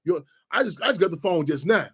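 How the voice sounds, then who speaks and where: Fast-talking high-voiced man rambling. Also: lively intonation, husky. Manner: rambling, repeats "you know what I'm saying". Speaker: radio show host. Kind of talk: casual monologue.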